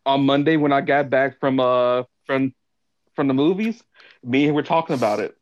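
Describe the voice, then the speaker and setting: A man's voice: mid-range voice, normal speed, no echo, dull audio. A man co-hosting a podcast, reacting and swearing in casual banter. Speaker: podcast co-host.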